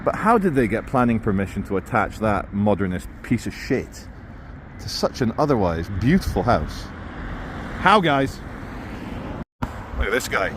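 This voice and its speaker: A man strolls through town with a handheld camera, narrating what he passes in a wry, sarcastic way. His voice sits in the middle for a man, and light traffic hums faintly behind him outdoors. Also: mid-range voice. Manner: wry, sarcastic running commentary. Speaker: YouTuber walking a town. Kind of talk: walking vlog commentary. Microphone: handheld camera mic while walking.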